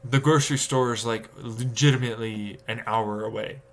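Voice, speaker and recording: A man's voice: medium pitch, steady tone, moderate pace. A young adult man livestreaming, ranting casually and profanely about commuting costs and acting out his own exasperated thoughts. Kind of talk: casual rant to stream chat.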